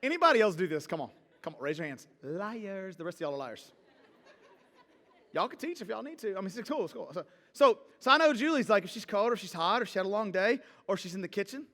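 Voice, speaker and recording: A man's voice: sits high, very animated, fast, sharp tone, long reverb tail, some chatter behind. A man preaching a sermon as pastor, talking casually and joking with the congregation. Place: church hall.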